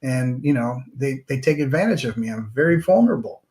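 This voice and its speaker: A man voicing a once-mean male snake, now meek and battered, talking in a halting, rambling way in a spoken fable. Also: mid-range voice, animated, noisy background, natural voice.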